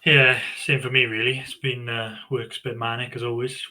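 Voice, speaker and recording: A man co-hosting a casual podcast over a video call, relaxed and offhand. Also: mid-range voice, normal speed. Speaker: podcast co-host.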